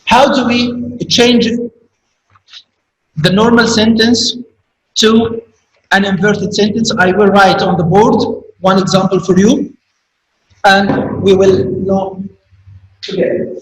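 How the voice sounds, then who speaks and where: A man teaching a grammar lesson, speaking slowly and repeating key words for emphasis. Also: sits high, flat delivery, a little hiss or hum. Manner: slow, repetitive, stresses key words. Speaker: high school English teacher. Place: classroom. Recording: echoey room, voice from a distance.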